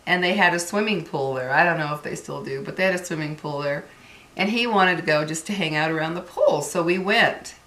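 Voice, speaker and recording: Lower-voiced woman telling a story. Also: fairly quick, fairly bright tone. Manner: earnest, addresses viewers as "guys". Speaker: vlogger. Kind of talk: casual storytelling to viewers. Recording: echoey room.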